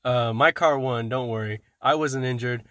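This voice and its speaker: A man's voice: mid-range voice, normal speed, a bit bright, no room sound. A young man co-hosting a podcast in loose, crude, joking chat. His voice sits in an ordinary middle range. The recording is close and dry. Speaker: podcast co-host. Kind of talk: casual chat. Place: car.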